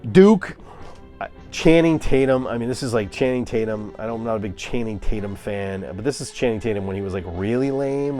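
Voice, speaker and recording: A man's voice: on the low side, a little mellow. A man giving a casual, opinionated movie review, ranting and scoffing with lots of fillers and restarts.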